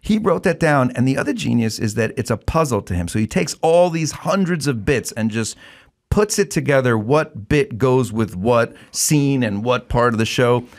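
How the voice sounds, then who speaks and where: A male comedian guest on a talk show, telling stories in casual chat with animated delivery and quick asides. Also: medium pitch.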